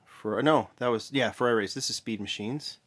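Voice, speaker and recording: A man's voice: mid-range voice, a little fast, a bit bright, slight background noise. A man hosting a casual show-and-tell vlog, talking in an offhand, mumbling way and often correcting himself. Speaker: vlog host, toy car collector.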